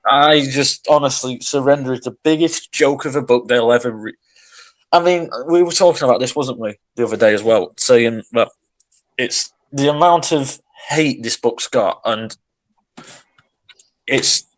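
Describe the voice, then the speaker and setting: A young man co-hosting a podcast rants agitatedly in casual chat, sighing and restarting many times. His voice is medium-pitched at normal speed, and the audio quality is poor.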